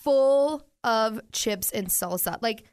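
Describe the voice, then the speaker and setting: A young woman co-hosting a podcast tells stories about her weekend in chatty, casual fashion, full of "like" and "um," sometimes talking with her mouth full. Her voice is fairly high yet darkish, clear and resonant, slow-paced, with no echo.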